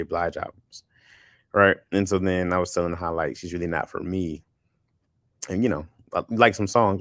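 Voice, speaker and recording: A man's voice: sits low, no room sound, clean studio sound. A man hosting a casual livestream chat, telling stories bluntly and laughing often. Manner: blunt, laughing, animated storytelling. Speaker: livestream host. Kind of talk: casual chat, reading viewer comments.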